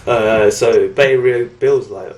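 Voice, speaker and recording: A British man recapping a comic book in casual chat, with lots of fillers, restarts and quick acted-out quotes. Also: medium pitch, a little mellow, roomy sound. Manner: rambling recap with many fillers and restarts, acting out lines in quotes. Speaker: podcast co-host reviewing comics.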